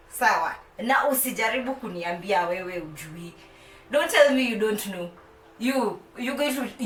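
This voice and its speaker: A young woman with a Kenyan accent talks playfully to camera and laughs often. Her voice is bright and swoops up and down. She is recorded off the mic in a roomy space. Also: medium pitch, far from the mic, a little hiss or hum. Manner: playful, laughs often, mixes English and Swahili. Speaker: vlogger. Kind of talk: casual chat to camera. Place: home with street noise outside.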